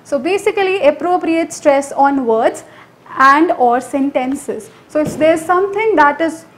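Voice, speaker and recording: High-voiced Indian English woman tutor. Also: a little slow. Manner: energetic, emphatic teaching with promotional pitches. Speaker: IELTS tutor. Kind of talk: online lesson.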